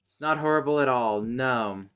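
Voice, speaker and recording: A young man on a livestream, muttering slowly while he works through language notes. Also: medium pitch, a bit bright, smooth. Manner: slow, mutters while working things out. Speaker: streamer. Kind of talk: casual livestream chat.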